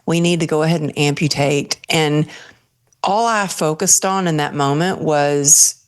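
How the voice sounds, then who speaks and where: A woman's voice: deep voice, steady tone, a little slow, clean tone. A woman guest on an interview show, earnestly telling a personal story and acting out her own thoughts as she goes.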